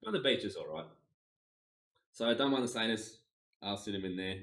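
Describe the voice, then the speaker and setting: A man's voice: on the low side, animated, moderate pace, fairly bright tone. A young Australian man ranting bluntly and profanely in a casual opinion podcast, with lots of ums. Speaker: podcast host. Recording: roomy echo.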